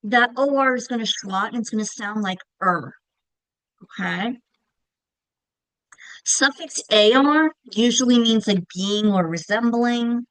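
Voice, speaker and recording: A woman's voice: a little high, a little slow, pauses often, a bit bright, no room sound, low-quality recording. A woman teacher trainer giving a recorded presentation, explaining step by step, sounding out example words and checking in often.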